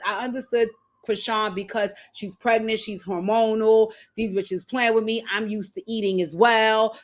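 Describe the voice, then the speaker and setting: A woman casually recapping a reality show, telling the story with lively quoted voices and blunt slang. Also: mid-range voice. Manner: animated storytelling, acting out quotes.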